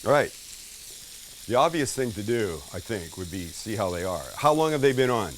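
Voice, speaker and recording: Expressive and fairly low-pitched, a middle-aged man talks at a moderate pace while hosting a relaxed cooking demonstration, chatting and joking through each step. He's at a flat-top grill in an outdoor kitchen, a little far from the mic, with food sizzling faintly and a touch of hiss or hum on the recording.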